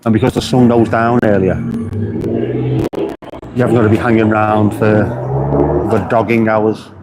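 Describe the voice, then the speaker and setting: At a moderate pace and in a level tone, a man with a fairly low voice chats to his live-stream viewers outside by the beach. He swears freely while answering their comments, and passing traffic adds faint street noise.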